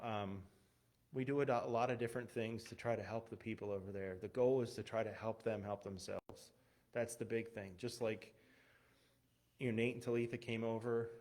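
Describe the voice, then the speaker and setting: A man's medium-pitched, slightly mellow voice belongs to a missionary pastor speaking as a church guest. Conversational and self-mocking, he tells personal stories with frequent fillers and restarts, chuckling at himself. The church streams it online, and the unstable connection causes glitches.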